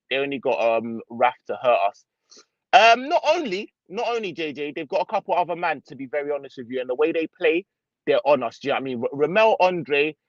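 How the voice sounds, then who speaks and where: A young man hosting a casual live football stream, reading out viewer comments in relaxed slang. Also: medium pitch, no echo, lo-fi sound. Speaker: football channel host.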